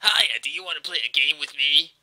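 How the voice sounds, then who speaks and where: A man's voice: fairly high pitch, brisk, sharp tone, no room sound, rough recording. A man voicing an eerie computer voice that fakes a friendly young male hedgehog, in a playful, childlike, falsely cheerful manner. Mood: chirpy.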